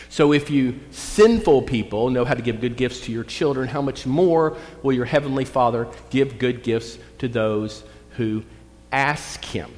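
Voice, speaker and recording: A male pastor gives a relaxed, folksy sermon at a middle pitch. He reads the scripture slowly and deliberately, and his voice trails into a long church reverb. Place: church sanctuary.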